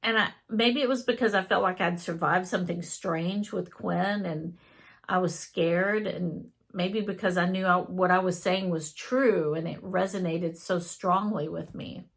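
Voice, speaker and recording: A woman's voice: lowish voice, steady tone, measured pace, creaky. A woman telling an earnest, emotional faith testimony in a casual spoken style.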